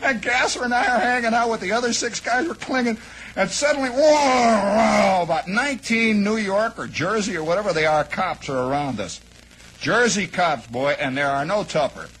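A man with a notably high voice spins a rambling, animated yarn, jumping into the shouts and lines of his characters as he goes. He tells it like a spoken radio monologue. A faint hiss sits under the recording. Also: fairly quick, rough recording. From American Midwest. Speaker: storyteller.

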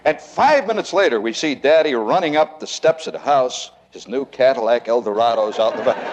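A man with a mid-range voice, speaking at a normal pace, performs stand-up: lively stories, lots of laughter, and rhetorical questions thrown to the audience. The recording sounds muffled, with a slight hiss or hum.

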